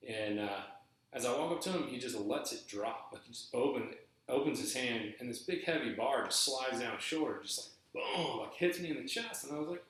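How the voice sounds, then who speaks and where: A man's voice: medium pitch, brisk, very echoey, poor audio. A man telling a story in a loose, rambling podcast monologue, full of fillers and restarts. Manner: rambling, animated, lots of fillers. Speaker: podcast host.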